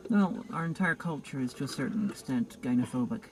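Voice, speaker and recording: A man's voice: medium pitch, animated, a little fast, slight background noise, poor audio. A man hosting a casual film review chat, riffing in a rambling, sardonic way. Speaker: host film critic.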